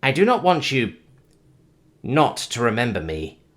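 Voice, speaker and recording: A man's voice: medium pitch, big pitch swings, measured pace, a bit bright. Sci-fi audiobook: male narrator as a formal, literal robot with a caring streak. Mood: worried. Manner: formal, stiff, no contractions.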